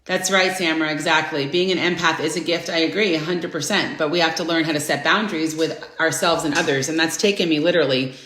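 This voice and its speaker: A woman in her forties hosting a live inspirational stream, chatting casually and greeting viewers by name with bursts of excitement. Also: low-pitched, quick pace, few pauses. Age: 40s. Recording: roomy echo.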